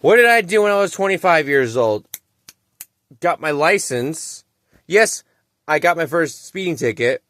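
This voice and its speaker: A man's voice: fairly high pitch, animated, measured pace, pauses often, fairly bright tone, no room sound, studio quality. A man in his late twenties ranting angrily to camera in a vlog, cursing often and repeating himself. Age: 20s. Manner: heated, profane, repeats himself. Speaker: vlogger. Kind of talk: angry ranting commentary to camera.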